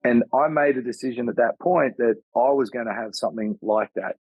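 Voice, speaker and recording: A laid-back Australian man chatting easily as a podcast guest, his tone mellow and unhurried in feel. His voice sits in a middle pitch and comes through slightly dull and lo-fi, with a close, dry sound and no room echo. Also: breathy edge. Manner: mellow, laid-back, drops in "mate" often. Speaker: guest, former pro rugby player. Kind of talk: casual interview chat.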